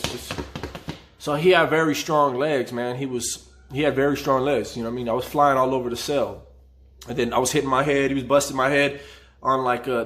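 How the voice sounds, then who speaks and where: A man's voice: mid-range voice, fairly bright tone. A man from the San Fernando Valley telling a story casually, with vivid street slang. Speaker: channel host telling a prison story.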